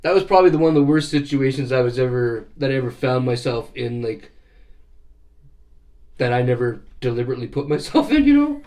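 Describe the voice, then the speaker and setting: A man's voice: medium pitch, a little fast. Profane man telling stories. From Canada. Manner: profane, animated storyteller. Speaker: vlogger. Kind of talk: casual storytelling.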